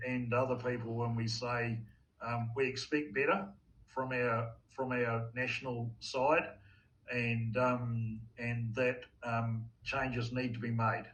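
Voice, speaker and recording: A man's voice: mid-range voice, fairly bright tone, poor audio. A man, a former rugby player giving a heated interview, frustrated and stumbling over restarts. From New Zealand.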